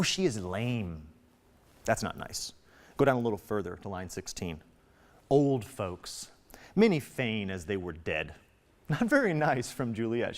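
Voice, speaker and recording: A man teaching a recorded literature lesson in a chatty, lively way. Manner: reads quotes aloud in a high put-on voice.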